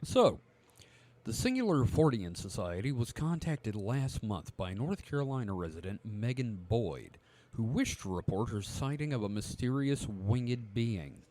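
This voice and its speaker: A man's voice: mid-range voice, big pitch swings, unhurried, a little mellow. A man co-hosting a podcast with a cough, chatting casually, cursing freely and reading out news articles. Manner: rambling, profane, self-mocking. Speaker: podcast co-host.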